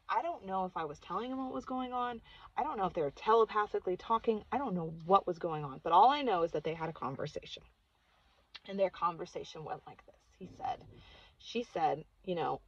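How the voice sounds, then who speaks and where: A woman's voice: fairly low pitch, lively intonation, fairly quick, slightly rough, no echo, dull audio. A woman vlogger casually telling a personal story, earnest and chatty, saying "like" constantly.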